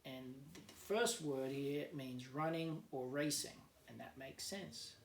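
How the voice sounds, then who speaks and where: A man's voice: medium pitch, slow pace, gravelly. Male teacher reading a kids' story, stops to explain words, echoey room, mic kinda far, faint hum behind. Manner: gentle storyteller who explains words for kids. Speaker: teacher, guest reader. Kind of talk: reading a picture book aloud to children. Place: at home, remote learning.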